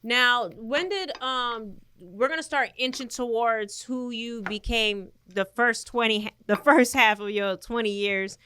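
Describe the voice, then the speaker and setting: A woman hosting a casual interview, asking questions and backing up her guest with steady mm-hmms. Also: on the high side, a little slow, few pauses, a little hiss or hum. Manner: encouraging listener, lots of mm-hmms. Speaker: podcast host.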